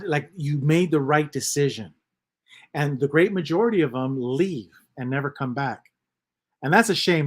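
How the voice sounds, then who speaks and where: Hosting a casual livestream, a man with a mid-range voice reads chat comments aloud and rambles on, repeating himself and muttering a lot.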